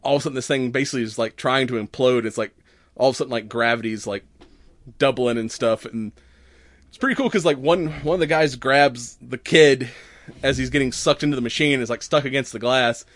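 A man's voice: mid-range voice, a little fast, a bit bright, no room sound. A man in casual podcast chat who laughs often and swears while retelling movie scenes with animation. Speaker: podcast co-host.

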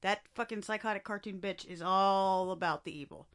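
A woman co-hosting a laid-back podcast speaks bluntly and emphatically, swearing a lot. Her voice is medium in pitch and fairly bright, moving at a normal speed.

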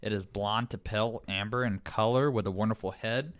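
A man co-hosting a podcast in casual chat, relaxed and chatty with lots of fillers. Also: lowish voice, brisk. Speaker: podcast co-host.

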